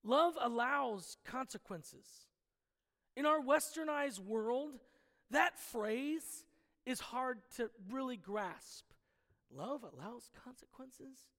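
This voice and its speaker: Brief: earnest male pastor preaching, very high voice, long reverb of a big hall. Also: slow pace, fairly bright tone. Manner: earnest, emphatic, reads scripture aloud. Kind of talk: sermon.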